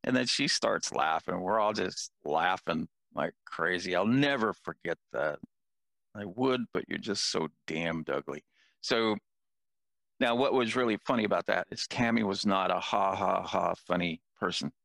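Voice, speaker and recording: An older man chats casually, telling stories and poking fun at himself. His voice sits low with a rough, gravelly edge. The sound is dry and close. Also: normal speed, fairly bright tone, dry recording. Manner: self-deprecating, jokey storyteller. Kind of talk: casual conversation.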